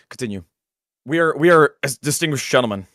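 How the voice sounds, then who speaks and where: A man co-hosting a casual livestream, wired and excitable, giggling often as he reads donations. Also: mid-range voice, moderate pace, no room sound, studio quality. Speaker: stream co-host.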